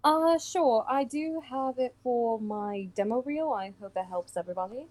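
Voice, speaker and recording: A woman's voice: on the high side, normal speed, darkish tone, rough recording. A woman who works as a voice actress, guesting on a livestream, chatting casually and playfully with many ums over remote voice chat.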